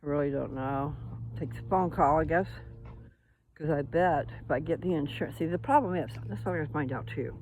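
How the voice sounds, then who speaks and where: A man's voice: on the high side, fairly quick, a little mellow, slight background noise. Rambling man vlogging on a walk. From Colorado. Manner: rambling, talks to viewers while walking. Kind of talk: casual walking vlog. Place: outdoors on a path.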